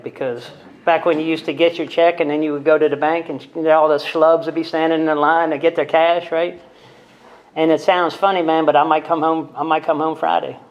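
A man telling his recovery story to a group in a blunt, conversational way, often tagging lines with "right?" and "man", with self-deprecating humor. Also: on the high side. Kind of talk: candid storytelling talk to a group. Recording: dull lo-fi recording.

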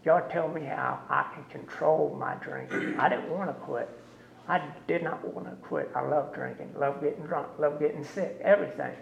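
A man telling his own story of recovery to a meeting in a slow, plain-spoken way. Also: on the high side, steady tone, creaky, reverberant, lo-fi sound. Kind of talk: personal testimony at a recovery meeting.

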